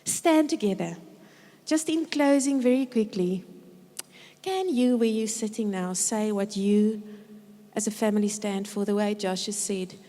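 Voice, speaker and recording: A middle-aged woman giving a lively, humorous parenting talk in a large church auditorium, acting out parents and children as she speaks. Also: medium pitch, measured pace. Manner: lively, humorous storytelling, mimics parents and kids. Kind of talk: conference talk with acted-out quotes. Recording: reverberant hall.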